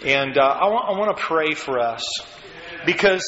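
In an echoey church hall, captured with dull sound and faint noise, a man preaches as pastor, moving from conversational talk into fervent prayer. His voice is on the high side, animated and a bit bright, at a moderate pace.

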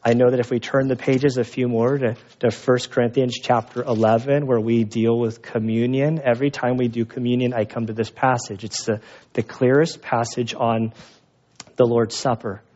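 A pastor giving a sermon, telling stories in a conversational, animated way. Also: male voice, medium pitch, moderate pace, highs cut off. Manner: conversational storytelling with animated asides.

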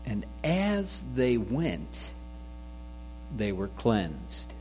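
A pastor with a mid-range, sing-song voice that's a little mellow preaches a sermon. He tells a joke using character voices, then reads scripture and explains it, all in a slow, measured delivery, with a faint mains hum in the recording.

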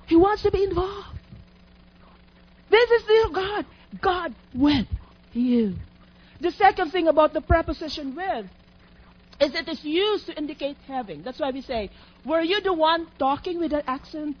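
A woman's voice: very high voice, expressive, unhurried. A woman preaching a sermon in an emphatic, teacherly way, asking her listeners questions. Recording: dull lo-fi recording.

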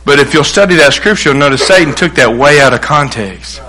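A man preaching with a high, bright voice. He drives his points hard and slips into the voices of the people he quotes. His sermon rolls on at a quick pace. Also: expressive, a little hiss or hum, low-quality recording. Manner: emphatic preaching, acts out quoted voices, restarts. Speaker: pastor.

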